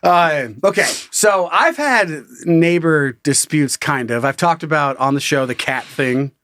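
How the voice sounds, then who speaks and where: A man co-hosting a podcast, telling profane stories with lots of energy and bursting into shouted mock voices. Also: a little high, expressive, measured pace. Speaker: podcast co-host. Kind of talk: casual comedic chat.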